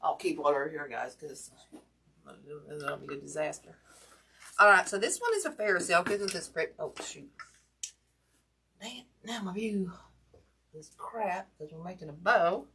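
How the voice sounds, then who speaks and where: A woman's voice: fairly low pitch, lively intonation, normal speed, vocal fry, long pauses, pushed and bright, slight background noise. A woman, chatting casually to viewers while demonstrating a craft project live. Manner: chatty, talks to viewers directly, self-deprecating. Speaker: wreath-making class host.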